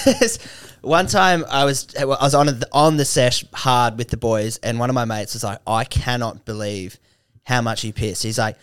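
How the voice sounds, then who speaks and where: Teasing Australian guy with a smooth voice. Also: medium pitch, normal speed, fairly bright tone, dry recording. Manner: jokey, teasing. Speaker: podcast host. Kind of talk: casual chat.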